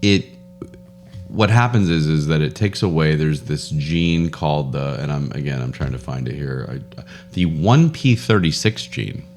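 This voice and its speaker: A man's voice: rumbling low, animated, normal speed, darkish tone, soft background music. A young man hosting a casual podcast, rambling with frequent laughs and stumbles. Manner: rambling, laughs often, stumbles over words. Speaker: podcast host.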